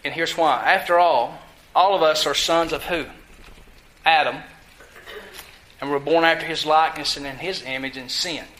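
A man preaching a sermon, teaching from scripture with emphasis and putting questions to his listeners, drawing some words out slowly for stress. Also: fairly high pitch, steady tone, pushed and bright, poor audio. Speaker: pastor.

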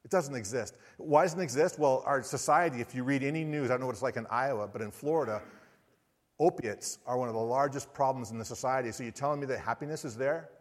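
A man's voice: mid-range voice, quick pace. A man, a missionary preacher, telling a personal story in an earnest sermon with frequent restarts. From United States. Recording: long reverb of a large hall.

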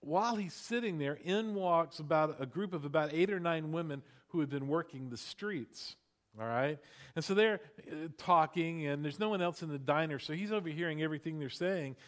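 A middle-aged man preaching a sermon in a lively, conversational way, with frequent asides to the congregation. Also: on the high side, normal speed. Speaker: pastor. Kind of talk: sermon with storytelling.

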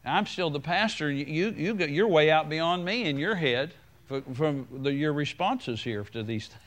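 A man preaching a sermon as pastor, talking conversationally to his congregation, repeating key phrases and slowing down to quote scripture. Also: a little high, animated, a bit bright.

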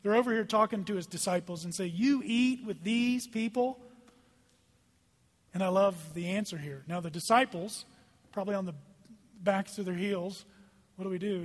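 Animated high-voiced preacher in a reverberant hall. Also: male voice. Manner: animated, emphatic preaching with dramatic drops to hushed tones. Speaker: pastor. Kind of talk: sermon.

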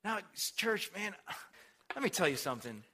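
Young male preacher, high bright voice, relaxed slangy sermon storytelling. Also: normal speed.

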